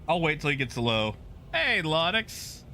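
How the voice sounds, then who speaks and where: Male streamer, unhurried and chatty, bright tone with very animated pitch; playful teasing commentary, faint ambient hiss. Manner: chatty, talking to fellow players and chat; teasing, playful sing-song repetition. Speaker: game streamer. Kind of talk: casual gameplay commentary.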